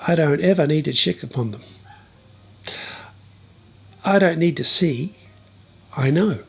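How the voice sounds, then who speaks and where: A man's voice: a little high, lively intonation, a little slow, creaky, husky, faint music behind, full character voice. A man voicing an earnest, humble Roman centurion in a spoken bible story. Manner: earnest, pleading.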